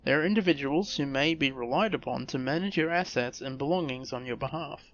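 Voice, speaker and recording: A man's voice: mid-range voice, brisk, a bit bright, natural voice. A man reading out the lines of a gracious female leader in his own voice, stumbling over words and restarting. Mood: formal. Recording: muffled recording with faint music.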